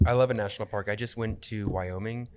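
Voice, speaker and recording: A man with a somewhat low voice chimes into a casual comedy chat. He tosses in dry, short quips and questions. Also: steady tone, quick pace, a loud crowd.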